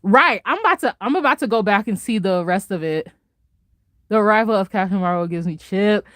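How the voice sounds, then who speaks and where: A woman vlogger in a casual reaction chat, gushing and excitable, laughing often and swinging between loud highs and soft mutters. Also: fairly quick, dry recording, clean studio sound.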